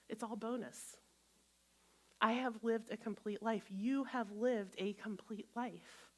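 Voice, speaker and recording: A woman minister giving a gentle, conversational sermon to a congregation, acting out inner voices as she talks. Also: on the high side, lively intonation, measured pace. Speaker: guest minister.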